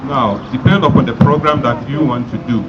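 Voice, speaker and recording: A man, a professor on a seminar panel, explaining things in a measured way. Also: medium pitch. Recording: distant, dull, loud background noise.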